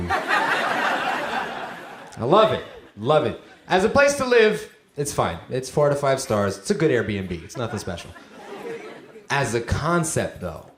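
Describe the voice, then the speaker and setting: A man from Romania doing a stand-up set, his pitch bouncing around a lot as he swings from flat deadpan lines to sudden high, loud outbursts. He is on a handheld stage mic in a roomy, echoing club, with a clear wash of audience noise and laughter behind him. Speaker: stand-up comedian. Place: comedy club with live audience.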